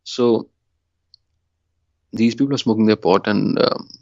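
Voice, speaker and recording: A man's voice: fairly low pitch, measured pace, vocal fry, no room sound, highs cut off. A man from India, a podcast guest, telling a story in casual chat and acting out his own panic. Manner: animated, acts out his panicked past self with laughs.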